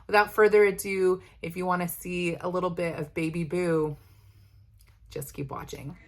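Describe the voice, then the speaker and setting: A woman's voice: on the low side, fairly even intonation, moderate pace. A young woman vlogging in a candid, chatty way, talking straight to her viewers and rambling a little with fillers. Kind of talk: casual chat.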